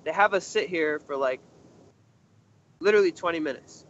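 At a moderate pace and in a voice that's a little high, a young man interviewed as a guest about urban exploring tells a casual story. He's animated, performing other people's lines in a raised voice; the audio is slightly muffled with faint noise.

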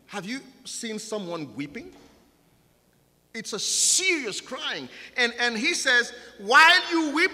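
Man preaching in church, slow and dramatic, loud then hushed, big echoey hall. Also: very high-pitched. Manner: dramatic preaching that swings between loud exclamations and hushed lines. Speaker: pastor. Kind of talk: sermon. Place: church sanctuary. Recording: long church hall reverb.

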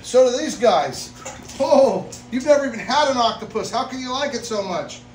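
A man hosting a casual vlog at an exotic pet store, excitable, often bursting into laughter and loud exclamations while feeding animals. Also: extremely high pitch, moderate pace, soft background music. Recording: echoey room.

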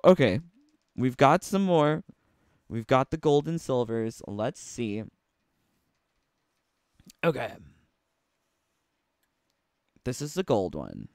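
Sassy, animated man critiquing game costumes. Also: medium pitch, takes it slowly, pauses often, dry recording, clean studio sound. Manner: playful, sassy critique with rhetorical questions. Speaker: gaming YouTuber. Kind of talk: casual commentary on game costumes.

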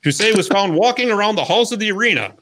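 Bright, lively-voiced podcast host. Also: male voice, high-pitched, fast talker. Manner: upbeat, jokey storyteller. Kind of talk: scripted history segment and casual chat.

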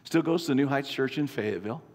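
A man in his fifties preaching a sermon, an animated, self-mocking storyteller. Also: medium pitch, quick pace. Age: 50s. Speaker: pastor. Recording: long reverb from a large hall.

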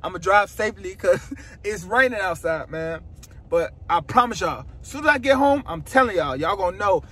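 A man vlogging casually from inside a car, excited and repeating himself as he teases an announcement to his viewers. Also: sits high, moderate pace, slightly rough. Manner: excited, repetitive, keeps teasing an announcement. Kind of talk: casual vlog to camera. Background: faint car noise.

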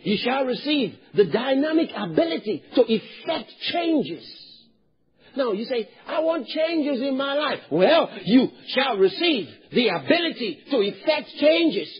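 A man from Nigeria preaches a sermon in a very high, husky voice that swings widely and climbs to emphatic shouts. He keeps calling on the congregation to answer him. The recording is dull and lo-fi. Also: measured pace. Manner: animated, calls for congregation responses, swings to loud emphatic shouts. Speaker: pastor.

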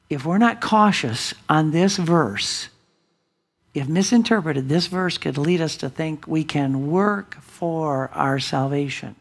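A man preaching a sermon as pastor in a church, emphatic, with big swings from loud declarations to hushed asides. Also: on the high side, slow pace, creaky. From United States. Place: church sanctuary.

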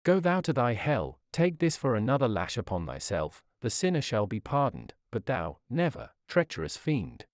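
A man's voice: mid-range voice, very animated, normal speed, hardly any pauses, dry recording, clean studio sound, close to an everyday voice. Mercy, a man voicing a gracious female judge. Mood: commanding.

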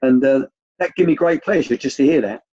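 An older man, a former youth coach, telling rambling anecdotes with many restarts in a relaxed interview. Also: mid-range voice, fairly quick, husky, dry recording, highs cut off.

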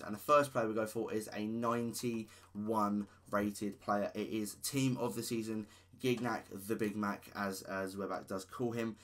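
Lowish-voiced man. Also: fairly bright tone. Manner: enthusiastic, rattles off player stats. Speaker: gaming YouTuber. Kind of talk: casual gaming commentary.

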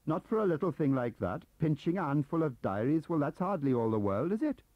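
A man's voice: on the high side, very animated, fairly quick, no room sound, voice pushed up. A man voicing a fawning, anxious Welsh clerk with a pleading, sing-song voice. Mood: indignant. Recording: muffled tape audio.

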